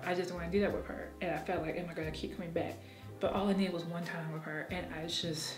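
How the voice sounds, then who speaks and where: A woman's voice: lowish voice, roomy sound. A woman talking frankly and emotionally in a candid personal vlog, swearing freely and laughing often. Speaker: vlogger.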